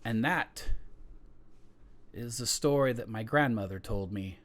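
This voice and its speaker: A man's voice: medium pitch, a little slow, a bit bright. A man playing a tabletop game, telling a folk story in character as a dramatic storyteller.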